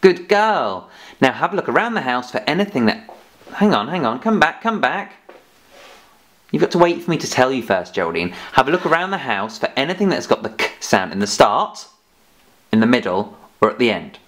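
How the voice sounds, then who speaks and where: A man's voice: medium pitch, big pitch swings, fairly quick. A man teaching phonics to children, patiently and playfully telling off a puppet giraffe as he goes. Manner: gently scolding, patient, playful.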